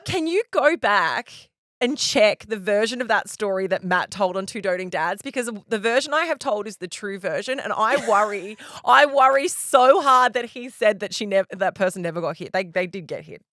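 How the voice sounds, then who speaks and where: Woman, podcast co-host, animated storyteller who laughs mid-tale, dry close sound. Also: medium pitch, moderate pace, no room sound. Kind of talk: casual chat, storytelling.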